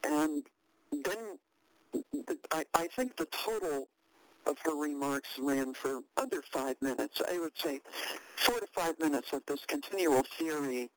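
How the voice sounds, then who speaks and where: An older woman speaks in a low, deep register at a slow, deliberate pace. She recounts a past event in an interview, pausing on fillers and restarting her sentences. Her delivery is dry and wry, and the recording sounds close and dead, with no room echo. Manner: halting and measured, with many fillers and restarts.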